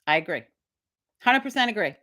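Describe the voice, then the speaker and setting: Pushed and bright, this medium-pitched voice belongs to a middle-aged woman hosting a witch community livestream. She talks fairly quickly and very animatedly, rambling, swearing, and doing voices as she tells a story in casual chat.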